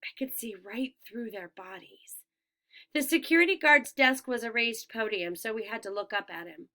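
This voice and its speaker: A woman narrating a first-person audiobook in a clear, expressive storytelling manner. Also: on the high side, normal speed. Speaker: audiobook reader.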